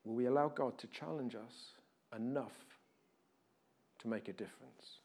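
A man's voice: medium pitch, moderate pace. A man preaching a sermon and giving church announcements in a conversational, jokey way. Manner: conversational, jokey asides, animated shifts in volume. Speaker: pastor. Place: church hall.

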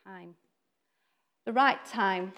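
A woman's voice: medium pitch, drawn-out words, a bit bright, a little hiss or hum. A woman giving an informal, chatty sermon, acting out quoted voices and laughing now and then. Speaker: preacher.

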